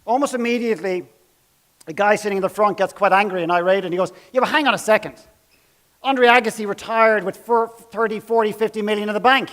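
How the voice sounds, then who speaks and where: A man with a high-pitched voice tells a story from one of his sessions. He acts out what each person said, and he drops his voice low and soft at the tense moments. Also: fairly even intonation, quick pace. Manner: dramatic, acts out quotes, drops to hushed tones. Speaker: speaker telling a workshop story. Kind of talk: storytelling talk.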